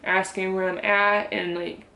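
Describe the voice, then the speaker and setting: Young woman rambling to her camera, kinda monotone, echoey room at home. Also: mid-range voice, measured pace, creaky. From Michigan. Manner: rambling, filler-heavy, heartfelt. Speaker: vlogger. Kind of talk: casual talk to camera. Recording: roomy echo.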